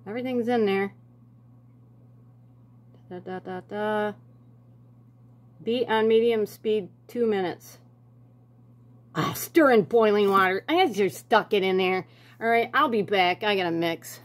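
A woman's voice: medium pitch, moderate pace. A woman, talking to herself and her viewers as she bakes in her home kitchen, with rambling asides. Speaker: home cooking vlogger. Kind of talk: casual kitchen chat.

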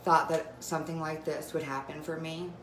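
A young woman with a low-pitched voice gushes about skincare in an excited, emotional live chat. She is recorded on a phone mic in an echoey room at home, with a faint hiss behind her. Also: normal speed. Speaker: direct sales vlogger. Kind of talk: casual live video chat.

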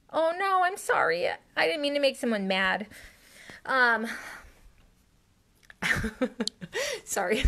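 A woman who owns an art studio, excitedly demonstrating a craft technique on a live stream, gasping and delighting at the results. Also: sits high, drawn-out words, long pauses. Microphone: phone or camera on live stream.

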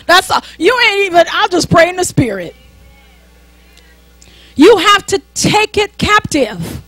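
A woman's voice: very high voice, expressive, moderate pace, a bit bright, no echo. A woman minister preaching a sermon in an emphatic, conversational way, often repeating herself.

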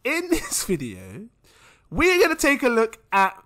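A man's voice: very high-pitched, huge pitch swings, a little slow, sharp tone. A young British man hosting a casual crypto vlog, giggly and scattered and mocking himself. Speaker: crypto vlogger.

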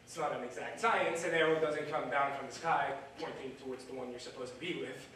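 A man's voice: mid-range voice, fairly even intonation, brisk, fairly bright tone, slight background noise, close to an everyday voice. A young man acting as a lonely musical fan who confides in the audience, live on stage in a theatre. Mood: musing. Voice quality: wistful, confiding direct address. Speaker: stage actor. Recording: echoey theatre from far off.

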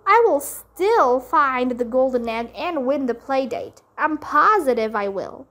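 A woman's voice: sits high, lively intonation, a little slow, pushed and bright, exaggerated voice. A woman voicing a dramatic, scheming first-grade boy in a storybook reading.

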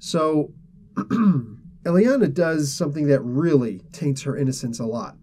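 A man with a fairly high but mellow voice hosts a casual comic book review. He retells a story in a rambling way, full of fillers and restarts. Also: lively intonation, measured pace, a little hiss or hum.

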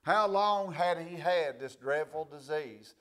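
Male pastor, slow measured sermon delivery, slightly high voice, swells to loud emphasis. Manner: slow, swells from quiet reading to loud preaching.

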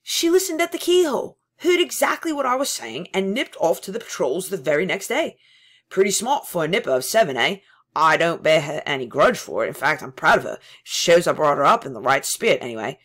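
A woman voicing a panicky, servile middle-aged male prisoner who stammers and pleads loudly. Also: fairly low pitch, very animated, brisk. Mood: eager. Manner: stammering, pleading, louder than narration.

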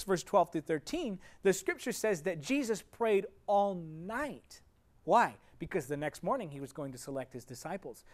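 A man preaching a sermon as a teaching preacher, emphatic and repetitive, swinging between raised declarations and hushed lines. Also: high voice.

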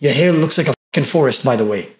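A man's voice: mid-range voice, lively intonation, quick pace, darkish tone, roomy sound. A young man from Brooklyn, New York, a streamer bantering with strangers on video chat in brash, teasing slang and roasting them bluntly.

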